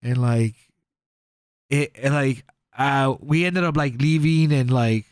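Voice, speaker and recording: A man's voice: mid-range voice, takes it slowly, clean tone, dry recording, clean studio sound. A young man, co-hosting a podcast and telling a rambling story full of fillers and swearing. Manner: rambling, heavy filler and profanity, acts out quotes. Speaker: podcast co-host. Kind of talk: casual storytelling.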